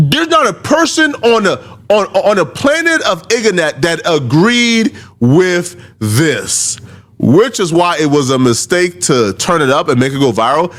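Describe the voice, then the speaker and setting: A man giving commentary, laying out his point step by step in an animated way. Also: on the high side. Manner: animated, explains step by step, breaks into laughter. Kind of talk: explanatory commentary.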